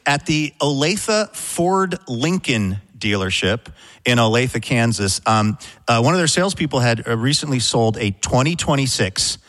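A man's voice: mid-range voice, lively intonation, a little slow, a bit bright. Middle-aged radio host guy, easygoing storyteller, dry jokes about himself, studio sound. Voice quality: wry, self-mocking humor. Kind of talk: chatty storytelling with comic asides.

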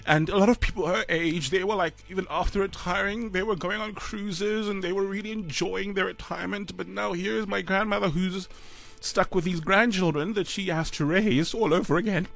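South african guy in his 30s on radio, high voice, choked up, lots of sighs. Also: steady tone, vocal fry, a bit bright. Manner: halting, sighing, close to tears. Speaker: radio co-host. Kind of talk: emotional radio chat.

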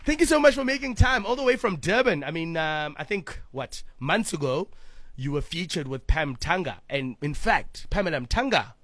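A man's voice: a little high, lively intonation, normal speed, a bit bright, no echo. A man hosting a radio show, playful and teasing with his guest. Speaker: radio host. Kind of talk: lively radio banter. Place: radio studio.

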